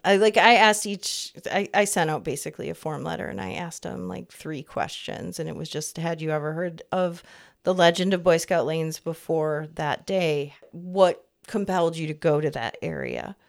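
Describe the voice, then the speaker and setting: Chatty low-voiced woman in her fifties. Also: fairly even intonation, gravelly. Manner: chatty, rambling, quick to laugh. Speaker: podcast co-host. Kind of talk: casual chat.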